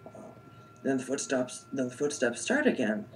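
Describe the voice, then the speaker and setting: A man's voice: medium pitch, sing-song, normal speed, slight background noise. A young adult man telling a personal story in a casual, rambling way, full of "like" and "um". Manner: rambling, heavy use of "like" and "um".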